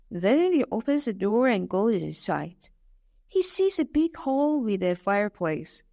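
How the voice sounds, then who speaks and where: A woman narrating a storybook slowly and clearly for English learners. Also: on the high side, dry recording, clean studio sound. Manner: slow, clear, expressive reading.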